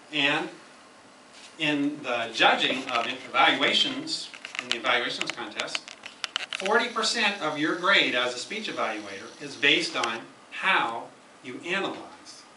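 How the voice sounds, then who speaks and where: A man's voice: mid-range voice, expressive, slow, pauses often, noisy background. A man giving an instructive club speech, emphatic and repeating key phrases to drive points home. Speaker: speaker at a speaking club meeting. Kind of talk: prepared educational speech. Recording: echoey room, camera from far off.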